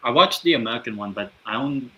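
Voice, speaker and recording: A man co-hosting a live match watchalong, teasing and quick to chime in. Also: mid-range voice, lively intonation, bright, forceful tone, rough recording. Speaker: watchalong co-host. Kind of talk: casual chat over a live match.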